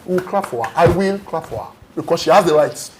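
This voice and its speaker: A man's voice: a little high, animated, fairly quick, a little hiss or hum. A man arguing emphatically as a guest in a panel debate, lecturing and often checking "you understand?".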